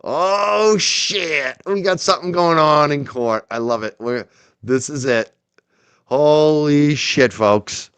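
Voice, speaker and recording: Smooth, dry-voiced male livestream host. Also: mid-range voice, no echo. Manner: animated, profane, joking chatter to chat. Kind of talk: casual livestream commentary.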